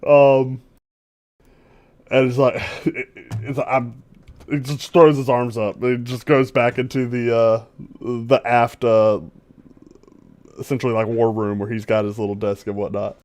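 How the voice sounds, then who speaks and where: A man's voice: mid-range voice, level tone, unhurried, pauses often, darkish tone. A man narrating a tabletop game as game master, rambling with fillers and chuckles. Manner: rambling, many fillers and laughs.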